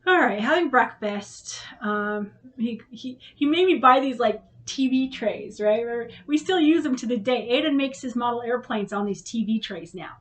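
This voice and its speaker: Woman vlog host with a higher voice; candid, emotional storyteller who curses when worked up. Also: moderate pace, few pauses, a bit bright. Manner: emotional, frank, swears when upset. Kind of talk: candid storytelling to her son.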